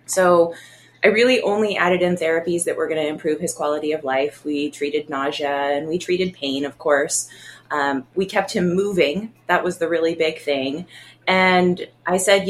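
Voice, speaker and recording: Woman vet, podcast guest, heartfelt and laughing, low-ish voice, faint background noise. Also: moderate pace. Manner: warm, emotional, laughs between thoughts. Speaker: veterinarian. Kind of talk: casual podcast chat.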